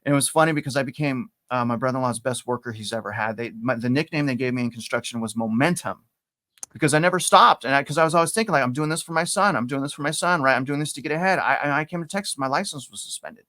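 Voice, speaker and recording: Animated storytelling man, close dry mic. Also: fast, dry recording. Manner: animated, repeats himself, acts out quotes with rising pitch. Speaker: podcast guest. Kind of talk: casual interview storytelling.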